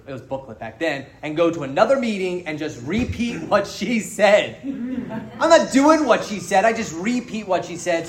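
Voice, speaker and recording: Frank, joking man in an echoey room. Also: high-pitched. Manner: frank, joking, swears freely. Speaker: speaker sharing at a recovery meeting. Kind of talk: candid personal testimony to a group. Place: meeting room with an audience. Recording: roomy hall echo.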